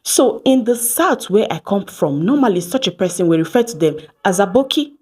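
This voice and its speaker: A Nigerian woman in her thirties from Edo State, telling stories to camera in a lively vlog, slipping into Pidgin and acting out what people said. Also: medium pitch, brisk, breathy edge. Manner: animated, mixes Pidgin phrases, acts out quoted exchanges. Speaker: vlogger. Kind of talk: casual storytelling to camera.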